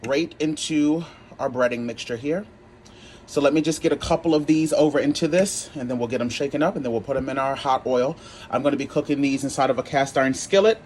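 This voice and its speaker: A man from Maryland walks through a recipe in his kitchen in a mid-pitched voice. He talks in a sassy, animated way, tossing in honey and child and a casual curse. It sounds like an easygoing home cooking tutorial. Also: slight background noise. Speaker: cooking channel host.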